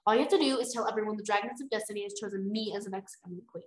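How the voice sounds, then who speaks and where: A woman reading the lines of a cunning, scheming female dragon in a smooth, cold way. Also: medium pitch, racing, close to an everyday voice. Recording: roomy echo.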